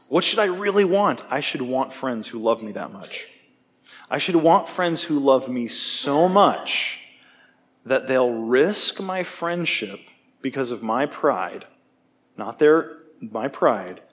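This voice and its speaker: A man who teaches, giving a casual sermon and telling stories in an emphatic, animated, conversational way. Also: mid-range voice.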